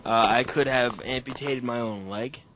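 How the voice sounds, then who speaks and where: A man's voice: medium pitch, normal speed, a bit bright, slight background noise. Joking, swearing man in casual chat. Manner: joking, profane, laughs often.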